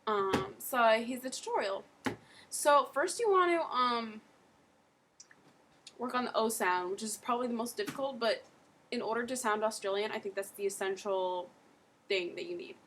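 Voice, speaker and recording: A woman's voice: fairly high pitch, normal speed, pauses often, fairly bright tone. A teenage girl explains vowel sounds in a loose, rambling way full of ums and likes. She sounds like she is filming at home, with a faint hiss of noise behind her voice. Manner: chatty, rambling with many fillers. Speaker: accent tutorial host. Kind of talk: casual home video tutorial.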